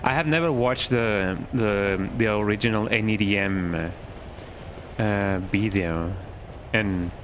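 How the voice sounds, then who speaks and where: A man's voice: on the low side, slow, background noise. A man streaming a horror game, chatting to his viewers in a rambling, jokey way and often ending his lines with "eh". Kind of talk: casual gameplay chat.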